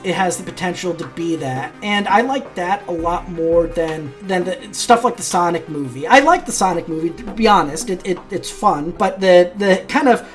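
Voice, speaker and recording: Woman, lowish voice, casual commentary host, opinionated, chatty, restarts sentences, faint music behind.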